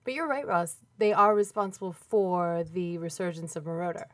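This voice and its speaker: A woman's voice: lowish voice, normal speed, no echo. A woman co-hosting a podcast, chatting casually with a wry, dry sense of humor. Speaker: podcast co-host. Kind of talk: casual panel chat.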